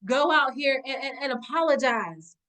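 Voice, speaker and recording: A woman's voice: sits high, animated, normal speed, a bit bright. A woman giving an impassioned motivational talk on a video call, preaching with repeated exhortations and calling her audience y'all. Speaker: motivational speaker.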